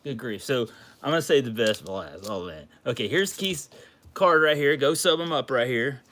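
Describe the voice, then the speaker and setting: Male livestream host, bright, gushing, excitable; casual chat. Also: medium pitch, moderate pace. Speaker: card collecting livestream host. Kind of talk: casual livestream chat while opening a package.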